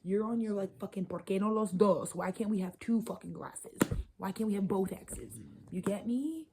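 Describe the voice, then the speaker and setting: A woman giving a casual, channeled tarot reading to her viewers. She talks in a loose, profane, animated way. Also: medium pitch, normal speed, gravelly, background noise. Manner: loose, profane, animated, slipping into quoted voices. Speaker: tarot reader.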